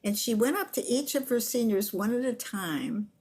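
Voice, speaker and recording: Older woman telling an animated story. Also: fairly high pitch, moderate pace, slightly rough. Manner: animated storyteller who acts out quotes. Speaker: guest. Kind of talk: storytelling interview.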